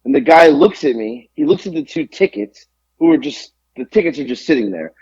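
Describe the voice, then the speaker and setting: A man's voice: fairly high pitch, a little fast, slightly rough, muffled recording. A man co-hosting a podcast, telling a long exasperated story full of swearing. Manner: animated, profane, exasperated ranting. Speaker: podcast co-host. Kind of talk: casual storytelling rant.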